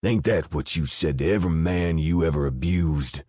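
A man voicing a vengeful male convict riot leader who taunts in a slow, mocking drawl. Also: very deep voice, dark tone, dry recording, studio quality, voice pushed up.

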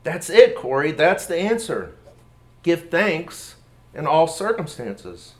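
A man reading aloud as an eager, devout young woman prisoner, spoken in an excited, insistent way. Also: a little high, takes it slowly.

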